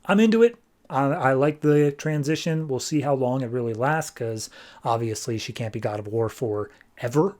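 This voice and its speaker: Male podcast host, relaxed comic review, mid-pitched voice, easygoing delivery. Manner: animated retelling with quick voiced asides. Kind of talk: casual comic recap.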